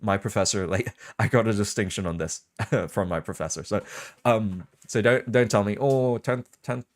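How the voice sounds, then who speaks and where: Rambling young man with low voice. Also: normal speed. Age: young adult. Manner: rambling, filler-heavy, argumentative. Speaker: podcast host. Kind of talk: casual livestream chat.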